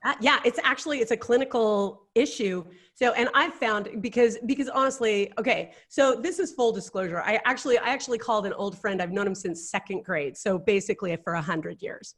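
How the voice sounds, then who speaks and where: A woman's voice: on the high side, fairly quick, hardly any pauses. A middle-aged woman, a life coach, telling candid stories in casual chat. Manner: animated storyteller, candid and chatty.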